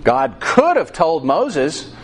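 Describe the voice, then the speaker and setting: A man's voice: a little high, wildly swooping pitch, slow pace, slight background noise. A man preaching a sermon, acting out quoted voices with animation.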